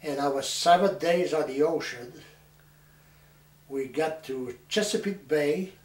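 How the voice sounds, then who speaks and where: Elderly veteran man, echoey distant mic. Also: a little high. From New Hampshire, USA. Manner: plain, halting storytelling with restarts. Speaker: war veteran interviewee. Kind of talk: oral history recollection. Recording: echoey room, mic far off, some noise.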